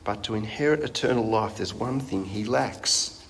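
A man's voice: lowish voice, moderate pace, vocal fry. A man preaching a sermon in a conversational way, putting rhetorical questions to his congregation.

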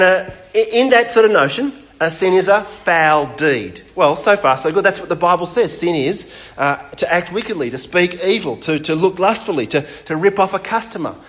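A man's voice: fairly high pitch, fairly bright tone. A man preaching a sermon in a church, conversational and chatting with the congregation, often restarting phrases.

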